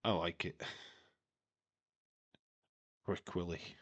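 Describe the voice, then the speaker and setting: A man chats his way through a live watch-along stream, trading jokes and puns with the chat. His voice sits a little low, and he talks in an unhurried, drawn-out way. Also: flat delivery, fairly bright tone. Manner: chatty and jokey, laughing at his own puns. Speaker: livestream host. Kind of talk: casual watch-along commentary.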